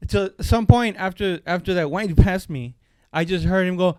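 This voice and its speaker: High-voiced man telling a profane story. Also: brisk, hardly any pauses, dry recording. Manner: animated storyteller, acts out shouted quotes, profane. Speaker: podcast co-host. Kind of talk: casual storytelling chat.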